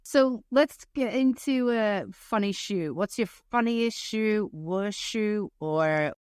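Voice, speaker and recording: A woman's voice: medium pitch, takes it slowly, a little mellow, smooth, no room sound, studio quality. A woman hosting a business podcast, chatty, blunt and opinionated in casual interview talk. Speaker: podcast host.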